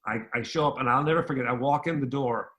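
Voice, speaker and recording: A man's voice: medium pitch, quick pace. A middle-aged man who grew up between Ireland and the United States, telling stories in a casual interview and acting out the voices of people in them. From Ireland, raised in the United States. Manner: animated storyteller who acts out quoted voices. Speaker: interview guest, former pro basketball player.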